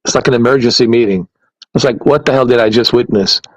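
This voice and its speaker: Speaking quickly at a medium pitch, a man hosts a podcast full of blunt, exasperated ranting, constant swearing and frequent laughter at his own remarks. There's no echo, but the recording quality is low.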